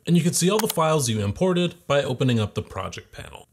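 Young guy doing a software tutorial, jokey, voice bounces around a lot, little hiss behind. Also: fairly high pitch, sing-song, fast talker. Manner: playful, jokey. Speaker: tutorial host.

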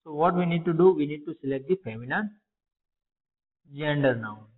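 A man's voice: fairly high pitch, lively intonation, moderate pace. A man with an Indian English accent, a teacher going through test answers for pupils and asking and answering his own questions. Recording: phone-like, long reverb.

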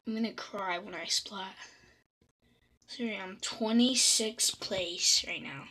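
Breathy woman chatting over a game. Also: medium pitch, takes it slowly, sharp tone. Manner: chatty, frequent whispers and sudden squeals of panic. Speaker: gaming channel host. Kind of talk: casual gameplay commentary.

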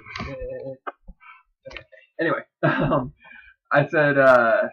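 A young man casually chatting on his video channel, recounting an online chat in a rambling, halting way with frequent restarts. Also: medium pitch, dull audio, background noise.

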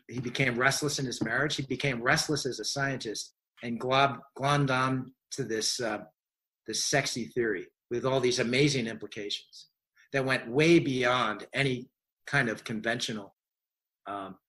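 Bright-voiced man musing in conversation. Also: medium pitch, fairly even intonation, normal speed. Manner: thoughtful, rambling with restarts and fillers. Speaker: science writer, interview guest. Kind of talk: conversational interview answers.

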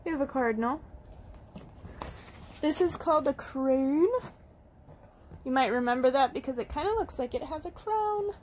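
A woman's voice: high voice, animated, normal speed, long pauses, a little mellow, a little hiss or hum. A woman teaching toddlers at storytime, reading aloud in an encouraging, sing-song way. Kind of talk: storytime lesson for young children.

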